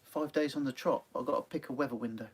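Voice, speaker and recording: A man's voice: medium pitch, fast, breathy edge. Chatty man hosting a live stream. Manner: chatty, laughs often, many ums. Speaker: sea angling channel host. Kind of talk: live stream chat reading viewer comments. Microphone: phone.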